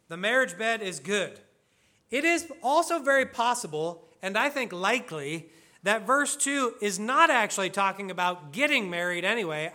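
A man's voice: high voice, bright, forceful tone. A man preaching a sermon, explaining scripture in an earnest, conversational way with casual asides. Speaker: pastor.

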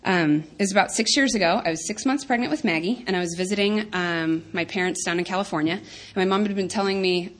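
A woman's voice: mid-range voice, fast talker, few pauses. Woman, thirties, talk to a women's group, earnest, chatty, fond of ums and asides. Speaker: women's ministry speaker.

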